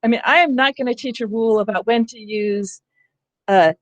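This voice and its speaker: A woman's voice: a little high, brisk, no room sound. A woman leading an online training session for teachers, explaining step by step and checking that her listeners follow. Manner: explanatory, asks "That makes sense?".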